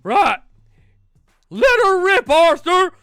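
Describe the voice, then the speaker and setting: A man's voice: very high voice, sing-song, extremely slow, sharp tone, no room sound, soft background music, full character voice. A man voicing a pompous, reckless male gang leader who talks in a bossy, smug, dismissive way.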